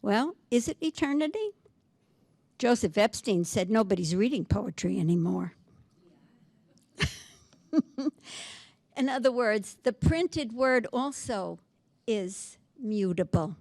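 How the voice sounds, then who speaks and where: Woman lecturer, reads poems slowly and emphatically, questions the audience, dry close sound. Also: fairly high pitch, animated, a little mellow, no echo. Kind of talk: poetry lecture, reading aloud.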